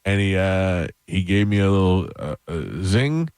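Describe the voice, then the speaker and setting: A radio host telling a long, self-mocking story in a casual, rambling way, with restarts, into a close studio mic. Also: male voice, deep voice, expressive, a little slow, darkish tone, clear, resonant tone, no echo.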